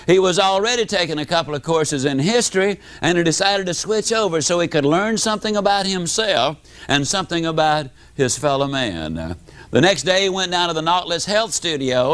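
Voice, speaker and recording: A man's voice: lively intonation, brisk, a bit bright. Folksy man telling a story. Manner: folksy, dramatic, wide pitch swings. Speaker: motivational speaker. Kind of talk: storytelling speech to an audience.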